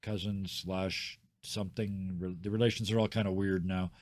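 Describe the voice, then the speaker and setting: A man's voice: low voice, flat delivery, moderate pace. A man narrating as game master of a tabletop game, chatty and laid-back.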